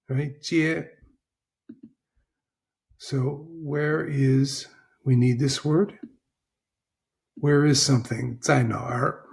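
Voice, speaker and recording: A man's voice: mid-range voice, gravelly, darkish tone. A man teaching a recorded language lesson, patient and repetitive, often checking in with "right?". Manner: slow, patient, repeats phrases, checks in with "right?".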